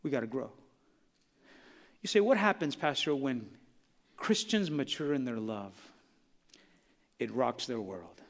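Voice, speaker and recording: A man's voice: medium pitch, lively intonation, unhurried, long pauses. A male pastor preaching a sermon in a church, conversational and full of rhetorical questions. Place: church sanctuary. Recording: long church hall reverb.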